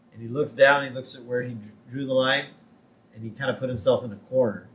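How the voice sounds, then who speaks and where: A man co-hosting a podcast, casually retelling an episode and acting out the characters' lines in a high, excited voice. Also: fairly quick. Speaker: podcast co-host.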